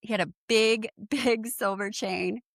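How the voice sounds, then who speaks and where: A woman in her forties from San Diego, telling a personal story as a podcast guest and acting out what people said with lively jumps in her voice. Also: a little slow, gravelly, no room sound, studio quality. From San Diego, USA. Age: 40s. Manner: animated, acts out quoted speech with big pitch jumps, lots of fillers. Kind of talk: casual storytelling in conversation.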